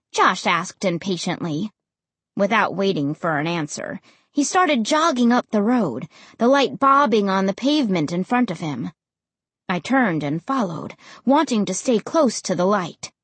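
Husky-voiced woman narrating an audiobook. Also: medium pitch, measured pace, dry recording. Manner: expressive storytelling. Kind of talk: first-person audiobook narration.

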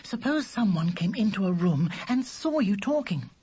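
Reader doing a worried little girl, high and breathy, lively up and down. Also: moderate pace. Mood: worried earnest. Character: young schoolgirl, anxious and earnest. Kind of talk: audiobook character voice.

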